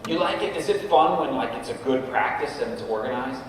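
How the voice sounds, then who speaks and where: A middle-aged man with a medium-pitched, lively voice speaks briskly as a guest at a coaches' meeting, giving an informal, conversational talk and often tossing in "right?" to check in with the room. He's in a large, echoey hall, picked up from far off by a distant camera, with a little hiss or hum.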